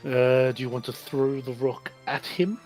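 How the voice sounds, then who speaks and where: A man's voice: medium pitch, steady tone, unhurried, darkish tone, faint music behind. A man with an Australian accent narrating a tabletop game as game master, hesitant and full of ums and sort-ofs.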